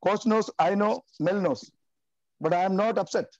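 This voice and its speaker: A man in his fifties giving an emotional, passionate testimony in halting, repetitive phrasing. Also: sits high, a little mellow, no echo, dull audio. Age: 50s. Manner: passionate, repetitive, non-native grammar. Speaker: team member giving a testimony.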